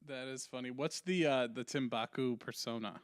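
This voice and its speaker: A man's voice: medium pitch, moderate pace, dry recording. A man hosting a casual podcast interview, easygoing as he reacts and wraps up. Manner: easygoing, brief reactions and wrap-up. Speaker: podcast host.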